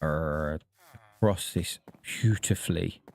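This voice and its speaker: A man streaming a game, talking casually to himself and to the characters on screen in a relaxed, chatty way. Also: low voice, slow, vocal fry. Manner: chatty, talks to himself and the villagers. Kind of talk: casual gameplay commentary.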